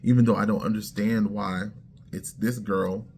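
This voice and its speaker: A man's voice: on the low side, normal speed, gravelly, a little hiss or hum. Man telling his faith testimony. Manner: lively storytelling, talks straight to listeners, acts out quoted lines. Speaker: testimony speaker. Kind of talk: personal testimony storytelling.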